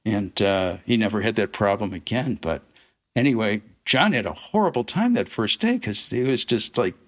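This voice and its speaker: A man's voice: fairly low pitch, normal speed. A man, a film director, telling anecdotes as a guest in a casual interview. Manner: animated anecdotes with acted-out quotes.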